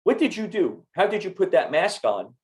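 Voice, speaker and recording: A man's voice: high-pitched, very animated, moderate pace, darkish tone. Encouraging male podcast host. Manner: encouraging, motivational, supportive. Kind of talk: podcast interview.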